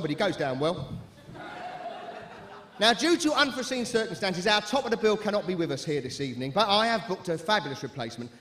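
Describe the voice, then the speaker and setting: A man's voice: sits high, fairly bright tone. A man performing a brash compere's music-hall patter on stage. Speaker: stage actor playing a club compere. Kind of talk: live stage comedy performance.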